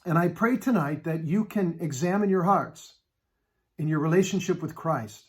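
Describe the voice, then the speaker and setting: Middle-aged male preacher, storyteller building to an urgent call, slightly high voice. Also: normal speed. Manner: animated storytelling, rising to exhortation. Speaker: speaker at a Catholic men's event.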